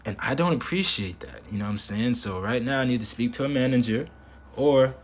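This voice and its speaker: A man's voice: mid-range voice, brisk. A young man telling a casual, slang-heavy story and acting out the back-and-forth of an argument. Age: young adult. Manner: animated slangy storytelling, acts out both sides of the dialogue. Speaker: vlogger.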